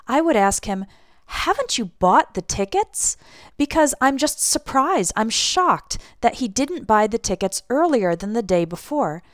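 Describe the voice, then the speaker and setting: Woman teaching with lively intonation. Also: on the high side, dry recording, clean studio sound. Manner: clear, deliberate, modeling intonation on example phrases. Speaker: English teacher. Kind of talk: scripted language lesson.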